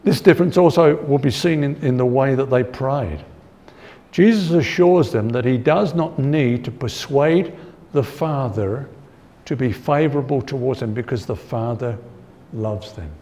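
Man preaching in a mellow, conversational tone. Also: medium pitch, measured pace. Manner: conversational preaching, repeats key phrases, frequent "you know". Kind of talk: sermon.

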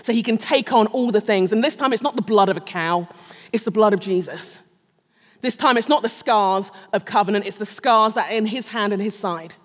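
A middle-aged woman preaching a sermon, telling a personal story with self-mocking humor and frequent laughter. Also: a little high. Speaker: speaker at a Christian gathering. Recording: long reverb of a large hall.

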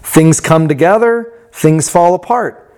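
A man preaching a sermon in a reflective way that turns animated when he tells a story. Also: high voice, slow pace. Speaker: pastor.

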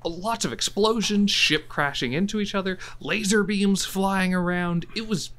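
A man's voice: high voice, measured pace, a bit bright. A man co-hosting a podcast, chatting casually and enthusiastically, swearing freely and laughing often. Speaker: podcast co-host. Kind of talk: casual chat.

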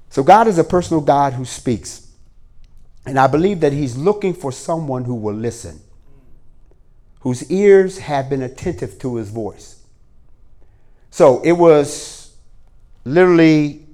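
A man preaching a sermon to a congregation in a church, moving from quiet prayer to energetic storytelling. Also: medium pitch. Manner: starts with hushed prayer, then lively storytelling with voiced characters. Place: church hall before a congregation.

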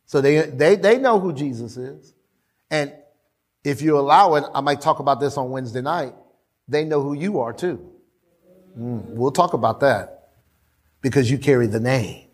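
A man preaching a sermon in an animated, conversational way, with laughing asides. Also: mid-range voice, normal speed, pauses often.

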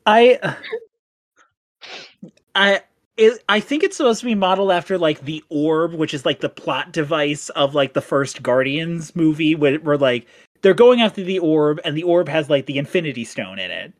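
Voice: medium pitch, lively intonation, normal speed, dry recording. Chatty podcast cohost, voice bouncing up and down a lot, dry close sound. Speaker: podcast co-host. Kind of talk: casual chat.

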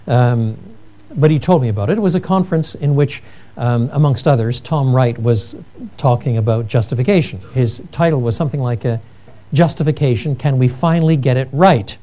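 A man's voice: medium pitch, fairly quick, mellow. A man giving an earnest theology lecture, telling stories with emphatic repetition and frequent restarts. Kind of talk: lecture with told anecdotes.

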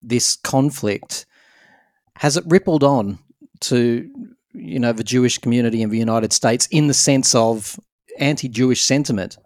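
A man's voice: medium pitch, normal speed, a little mellow, dry recording, clean studio sound. A man with an Australian accent hosting an interview podcast, asking friendly, probing questions. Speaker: podcast host.

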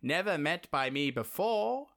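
A man's voice: fairly high pitch, very animated, a little slow, gravelly, fairly bright tone, voice pushed up, heavily acted. An old crone of a witch sniffs the air and growls out little rhymes at a stranger at her door. A man does her voice while retelling a fairy tale on a podcast. It stays close to his own voice, only slightly lifted. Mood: menacing. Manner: sniffing, rhyming, sing-song.

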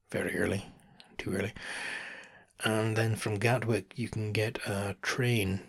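Gravelly man in his thirties, chatty. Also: fairly low pitch. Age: 30s. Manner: chatty and rambling, laughs often, swears casually. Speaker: podcast host. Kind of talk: casual storytelling monologue.

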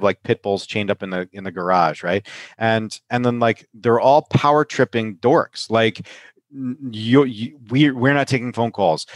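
A man on the low side of the pitch range hosts a relaxed podcast chat; he's a pharmacist, run down by a sinus infection, who laughs a lot and often asks "right?" The audio has no echo.

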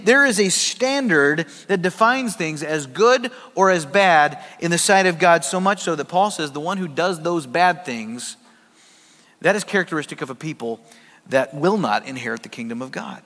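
A pastor delivering a sermon, swinging between emphatic loud peaks and quiet low stretches. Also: male voice, animated, normal speed, in a large hall. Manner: emphatic preaching, rising to loud peaks then dropping low.

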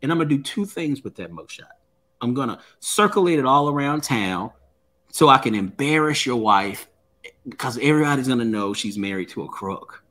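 A man voicing an older business partner who calmly threatens him in a mafia-style way. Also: mid-range voice, moderate pace. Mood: menacing. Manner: mafia-style threatening, calm and matter-of-fact. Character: menacing older male business partner, smug bully.

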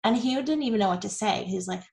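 A woman's voice: medium pitch, fast talker, gravelly, darkish tone, roomy sound, poor audio. A woman in her forties, a guest telling her story in a candid, chatty interview. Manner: candid and chatty, with frequent fillers and laughs. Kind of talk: casual interview.

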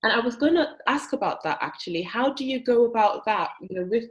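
A woman interviewer asking polite, measured questions. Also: a little high, lively intonation, rough recording.

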